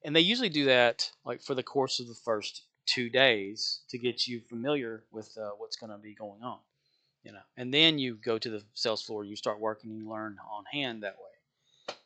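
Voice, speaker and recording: A man's voice: mid-range voice, moderate pace, bright, forceful tone. Worn-out man ranting profanely while gaming. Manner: rambling, profane, exasperated, chuckles often. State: worn out, low energy. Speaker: gaming streamer venting about work. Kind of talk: casual rambling rant while playing a game.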